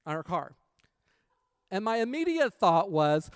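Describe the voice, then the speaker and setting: A man's voice: high-pitched, big pitch swings, a little slow, long pauses, clean tone, no room sound, studio quality. A man with a casual, chatty manner, telling a personal story full of quoted back-and-forth dialogue and reflecting on faith.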